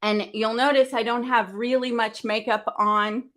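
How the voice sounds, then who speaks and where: A woman hosting a business event livestream, talking earnestly and with deep feeling, open about her faith, often starting sentences over. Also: steady tone, unhurried, fairly bright tone. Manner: earnest, heartfelt, faith-filled, rambling with restarts. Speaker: event host. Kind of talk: emotional livestream talk.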